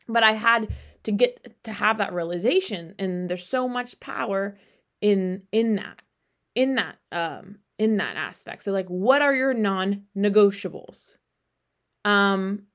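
A woman in her thirties, a mother, talking candidly in a casual monologue with many filler words and frequent swearing. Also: mid-range voice.

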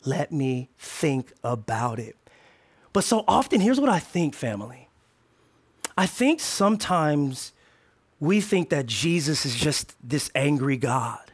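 A man preaching a sermon as pastor, animated and playful, swinging from hushed asides to shouted lines. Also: on the high side, a little slow, breathy edge.

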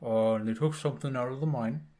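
A man's voice: medium pitch, fast talker, mellow, close to an everyday voice. A man voicing a folksy old sailor with a thick Upper Midwest accent and an exaggerated drawl. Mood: slow.

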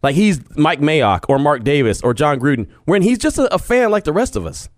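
Speaking briskly in a very animated voice on the high side, this Texas podcast host talks sports casually and earnestly from a home studio, often restarting and laughing easily. The sound is dry and clean, studio-grade.

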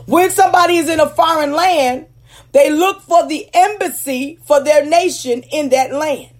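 A woman whose voice sits high preaches a teaching sermon with scripture readings to ministers. She speaks emphatically, slowing down to stress key words, and keeps checking in by asking "Okay?"

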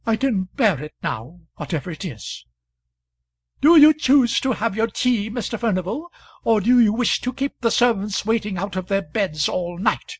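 A woman's voice: lively intonation, moderate pace, slightly rough, no room sound. A man voicing a stout, hysterical middle-aged wife who sobs and scolds in an old novel reading. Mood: stern. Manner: shrill, tearful, aggrieved. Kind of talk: audiobook character voice.

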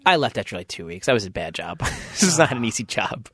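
A man's voice: lowish voice, sing-song, quick pace, a bit bright, slightly rough, no echo, clean studio sound, soft background music. A man, a band's lead singer, telling rambling anecdotes as a podcast guest and acting out the people he quotes. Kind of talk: casual interview storytelling.

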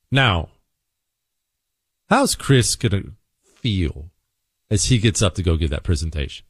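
A man hosting a political commentary monologue, telling an animated story and acting out characters. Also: deep voice, a little slow, pauses often, husky, no echo, clean studio sound. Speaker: political talk show host.

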